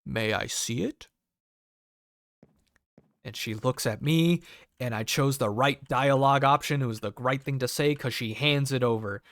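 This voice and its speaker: A man's voice: medium pitch, moderate pace, a bit bright, no room sound. Sarcastic, cursing young man telling a story. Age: young adult. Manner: profane, sarcastic, acts out quoted voices. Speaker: cable technician storyteller. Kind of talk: casual storytelling vlog.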